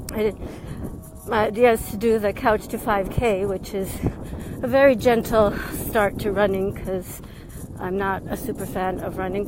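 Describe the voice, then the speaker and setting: Breathless woman vlogging on a walk. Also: mid-range voice. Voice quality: slightly out of breath. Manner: chatty and frank, laughs often. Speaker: life coach. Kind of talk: casual vlog monologue while walking. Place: outdoors on a windy street. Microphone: earbuds. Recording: wind and faint traffic noise.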